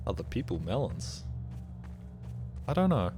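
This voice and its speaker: Over music, a man streams a game and chats casually through a streaming microphone. His lowish voice moves at a moderate pace as he rambles, swears, and mocks himself.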